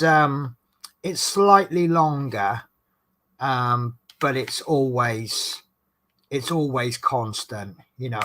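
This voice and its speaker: A man's voice: medium pitch, a bit bright, a little hiss or hum. A man, a bus driver, chatting casually to a live stream chat about his shifts, rambling and reading chat names aloud. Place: indoors at home, crafting in the dark.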